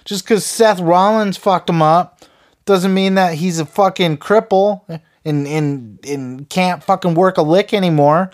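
Speaking unhurriedly in a high voice, this man hosts a podcast full of heated, profane ranting. He hurls sarcastic put-downs at his listeners.

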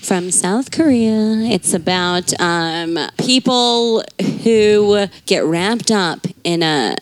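A woman's voice: medium pitch, expressive, drawn-out words, a little hiss or hum. A woman co-hosting a casual group chat, making wry joking asides. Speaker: podcast co-host.

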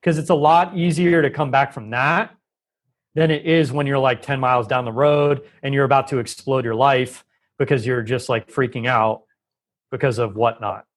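A man on a podcast explaining health ideas at length, lively and talkative, often acting out quoted voices. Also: mid-range voice, normal speed. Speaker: guest expert on holistic health. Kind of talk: conversational podcast interview.

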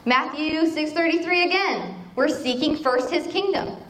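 Woman preaching, chatty storytelling sermon, kinda high voice, echoey room. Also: a little slow. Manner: conversational, animated storytelling preaching.

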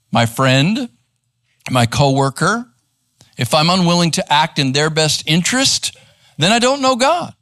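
A middle-aged man, a pastor teaching live in church, conversational and animated as he tells a story. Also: fairly high pitch, no echo. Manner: animated, conversational, acts out quoted voices. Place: church sanctuary.

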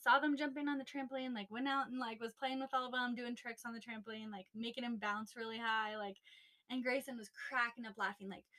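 A young woman co-hosting a podcast, telling a story in a chatty, animated way, full of "like" and laughter, recorded in a small closet. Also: a little high, brisk. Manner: animated, laughing, lots of "like" fillers. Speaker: podcast co-host. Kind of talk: casual storytelling chat.

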